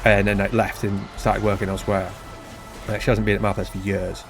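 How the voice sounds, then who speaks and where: A man's voice: lowish voice, level tone, brisk, gravelly. A British man in his thirties, a gaming channel host, chatting casually and rambling in a self-deprecating way while he plays. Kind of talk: casual gameplay commentary. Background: faint game music.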